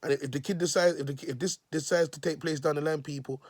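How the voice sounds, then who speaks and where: A man's voice: a little high, steady tone, fast, darkish tone, dry recording, clean studio sound. A man, a self-styled prophet preaching in a vlog, repeating himself and calling his listeners "people". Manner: repetitive, emotional, restarts phrases.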